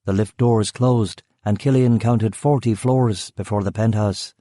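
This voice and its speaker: A man reading a crime thriller audiobook in measured scripted narration. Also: fairly low pitch, fairly even intonation, warm tone, no room sound, studio quality.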